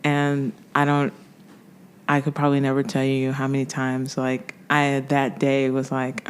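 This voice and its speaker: A woman's voice: a bass voice, completely flat delivery, a little slow, smooth. A woman hosting a faith podcast, thanking her guest and getting emotional. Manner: warm, emotional, grateful. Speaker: podcast host. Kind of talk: casual faith podcast chat.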